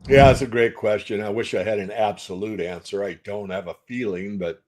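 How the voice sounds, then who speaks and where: An older man answering interview questions as a market analyst, measured and folksy, repeating phrases for emphasis. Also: lowish voice, fairly even intonation, a little mellow. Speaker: silver market analyst guest.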